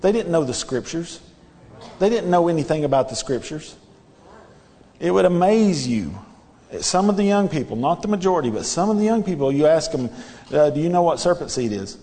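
A man's voice: fairly high pitch, expressive, normal speed, warm tone, big-room sound. A man preaching a sermon in a church, earnest and repetitive, pressing his listeners with rhetorical questions. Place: church sanctuary.

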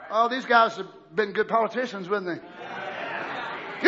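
Male preacher, very bright and piercing tone, fiery shouted sermon. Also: sits high, takes it slowly, long pauses. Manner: fiery, shouting, mocking impressions. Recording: lo-fi muffled sound.

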